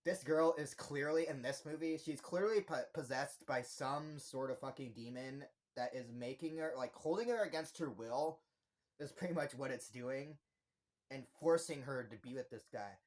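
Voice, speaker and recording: A man giving a casual, rambling horror movie review, excitable and swearing freely. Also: mid-range voice, normal speed, poor audio.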